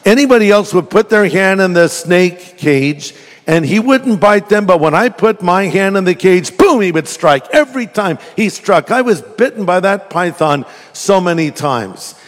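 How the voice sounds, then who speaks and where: Man, pastor, sermon, jokey storytelling, fairly high voice, long hall reverb. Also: animated, moderate pace. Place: church.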